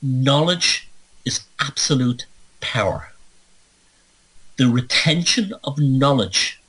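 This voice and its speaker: A man's voice: mid-range voice, slow, fairly bright tone, breathy edge, poor audio. A man hosting a monologue podcast, ranting emphatically with sardonic, playful asides. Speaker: show host.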